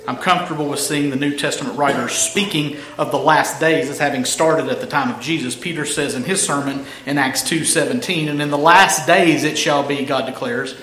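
A man preaching an expository sermon, emphatic, slowing down to stress key phrases. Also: mid-range voice, steady tone, pushed and bright, a little hiss or hum. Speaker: pastor. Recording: echoey room with faint ambience.

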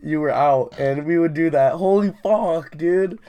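A man's voice: a little high, unhurried, warm tone. Profane, rambling young man telling stories. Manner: profane, rambling storytelling with frequent laughs. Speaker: podcast co-host. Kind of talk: casual chat.

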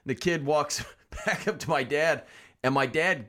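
A man who is a musician guest telling animated, laughing stories in a casual chat. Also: on the high side, measured pace.

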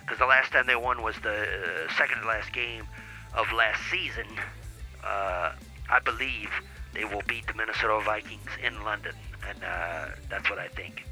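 A man's voice: on the low side, moderate pace, sharp tone, faint music behind, low-quality recording. A man giving comedic football predictions with dramatic, hyped build-up. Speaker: sports picks caller.

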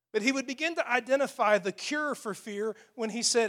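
High-voiced man preaching with emphasis. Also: a little fast, few pauses. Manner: emphatic preaching, dropping to hushed tones for quoted lines. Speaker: pastor. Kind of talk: sermon. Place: church with a loud PA system.

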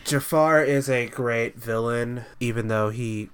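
A man co-hosting a casual podcast chat about animated films, relaxed and opinionated, often trailing off quietly. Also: medium pitch, takes it slowly, clear, resonant tone. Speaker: podcast co-host.

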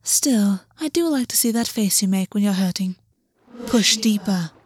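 A woman's voice: mid-range voice, expressive, normal speed, darkish tone, a little hiss or hum, natural voice. A woman voicing a lazy, predatory male waterhorse creature who talks in a teasing, commanding way.

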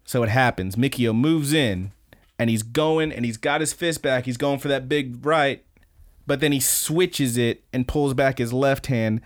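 A man co-hosting a podcast, casually recapping events in an excited play-by-play with some swearing. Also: medium pitch, measured pace, dry recording, clean studio sound. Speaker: podcast co-host.

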